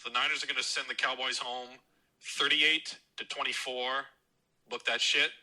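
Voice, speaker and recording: Heated, foul-mouthed football fan, bright voice. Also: male voice, medium pitch, level tone, normal speed, poor audio. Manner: swears constantly, mocking and heated. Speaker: caller leaving a voicemail. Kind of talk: profane fan rant.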